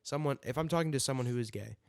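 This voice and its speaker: A man's voice: medium pitch, rapid-fire, gravelly, no echo. Young man, American, crude joking banter, swears freely, dry sound. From United States. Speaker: podcast co-host. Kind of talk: casual chat.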